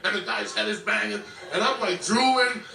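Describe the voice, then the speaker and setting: A brash man spins a foul-mouthed comic story. His voice is high and gravelly. It comes from a clip that sounds echoey and far from the mic. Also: moderate pace. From New York. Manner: brash, swearing constantly, animated. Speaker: stand-up comedian. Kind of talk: profane comedic storytelling. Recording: echoey clip picked up from afar.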